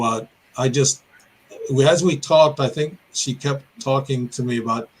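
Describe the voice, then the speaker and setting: Speaking in a mid-range voice, an older Midwestern man from Illinois recounts a personal encounter as a podcast guest. He rambles through plenty of detail and keeps correcting himself. There's slight background noise, and the recording quality is low.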